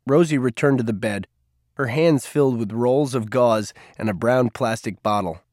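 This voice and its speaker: A man narrating a novel in an even, steady storytelling voice. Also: medium pitch, moderate pace, no room sound, studio quality. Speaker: audiobook narrator. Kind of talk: scripted narration.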